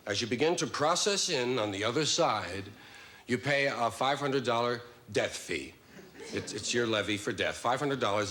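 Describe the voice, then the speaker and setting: Male comedian, wry storytelling, measured stand-up delivery. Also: mid-range voice, background noise. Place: television studio stage.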